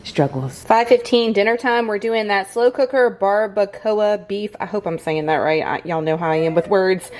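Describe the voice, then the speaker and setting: A woman with a Southern US accent talks through her day in a relaxed, chatty vlog. She speaks at a middle pitch and addresses her viewers directly, calling them y'all. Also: normal speed, hardly any pauses. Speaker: fitness and food vlogger. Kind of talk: casual vlog narration.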